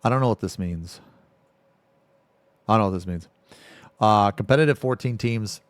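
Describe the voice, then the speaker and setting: Brief: male live streamer, lowish voice, brash crude jokester, dead-dry mic. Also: normal speed, no echo. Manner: loud, crude joking banter; coughing through the stream. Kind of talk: live-stream reaction commentary.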